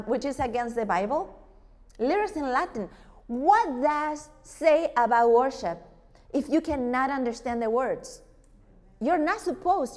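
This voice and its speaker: A woman teaching a church group about worship music, lively, asking rhetorical questions. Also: high voice. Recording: long hall reverb.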